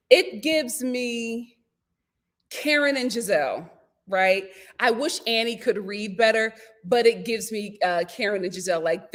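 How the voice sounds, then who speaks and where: A young woman hosting a casual reality-TV recap, animated and laughing often as she acts out what people said. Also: mid-range voice. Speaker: YouTube host reviewing a reality show.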